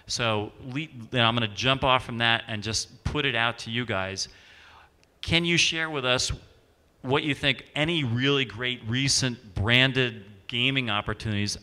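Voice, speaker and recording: A man's voice: mid-range voice, pushed and bright. A man moderating a conference panel, telling a chatty anecdote and acting out the voices in it. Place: conference stage. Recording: stage panel in a large hall.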